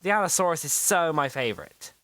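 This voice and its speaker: Someone doing a mild fatherly guy, stumbly and halting, varied pitch. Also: very animated, a bit bright, no room sound. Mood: calm. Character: calm sensible father, mild. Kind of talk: homemade storybook voice acting.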